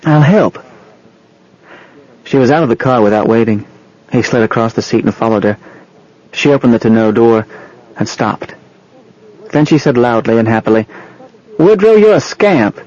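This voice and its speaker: A man's voice: lowish voice, fairly even intonation, fairly quick, pauses often, darkish tone, highs cut off. Man narrating a novel. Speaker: audiobook narrator. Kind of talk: scripted narration.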